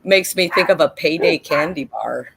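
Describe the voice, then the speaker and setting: A woman's voice: low-pitched, normal speed, vocal fry, heavy background noise. A woman from the United States chatting on a live stream, teasing and swearing freely. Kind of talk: casual chat.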